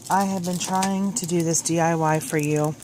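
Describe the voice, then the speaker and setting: Crafting vlogger, woman, low pitch, rambling and self-correcting, phone mic with faint hiss. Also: fairly even intonation, moderate pace. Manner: chatty, scattered, self-correcting. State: a little out of breath at the start. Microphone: phone clipped on, hands-free.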